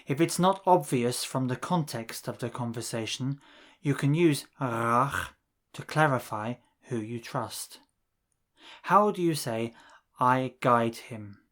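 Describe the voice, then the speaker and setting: A man narrating a scripted language lesson, reading drill phrases in a measured way with pauses between them. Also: medium pitch, expressive, fairly bright tone. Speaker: language teacher.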